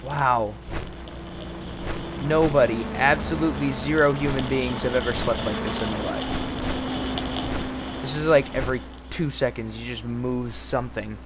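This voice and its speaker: A man's voice: medium pitch, measured pace, long pauses. A young man commenting on a game as he plays, frantically repeating no and yelping. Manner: frantic, repeats "no" over and over, sudden yelps. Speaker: gamer. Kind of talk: let's play commentary. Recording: loud steady background noise.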